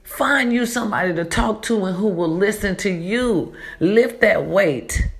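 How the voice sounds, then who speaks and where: A woman's voice: mid-range voice, normal speed. A woman vlogger talking casually in an echoey borrowed room, giving chatty, preachy life advice and calling her listeners baby and y'all. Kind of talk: casual motivational monologue.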